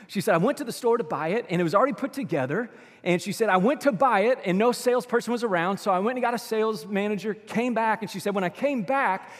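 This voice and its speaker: High-voiced male pastor in an echoing hall. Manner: storytelling with swings between hushed and loud. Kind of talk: sermon. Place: church. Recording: long reverb of a large hall.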